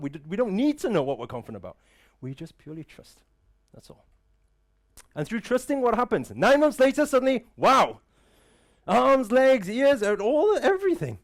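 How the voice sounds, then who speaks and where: A man's voice: extremely high pitch, huge pitch swings, moderate pace, pauses often. A man giving a live motivational talk to an audience in an event room, full of rhetorical questions and repeated "right?". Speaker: motivational speaker.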